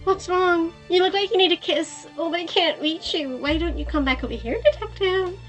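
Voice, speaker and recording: A woman's voice: very high voice, moderate pace, lo-fi sound, faint music behind, pitched above the performer's own voice. A woman voicing a lovestruck, flirtatious female cop in a visual novel reading, sing-song and teasing. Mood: flirty.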